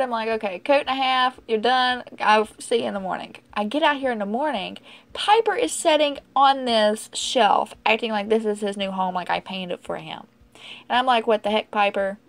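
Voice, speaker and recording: Woman chatting thru her diy project, kinda high voice, rambly and laughs at herself. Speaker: DIY vlogger. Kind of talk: casual DIY vlog narration.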